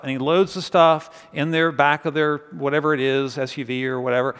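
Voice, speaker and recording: Animated preacher man in a reverberant hall. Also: on the high side, moderate pace, hardly any pauses, smooth. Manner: animated, conversational, drops to quiet intensity. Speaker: pastor. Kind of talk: sermon storytelling.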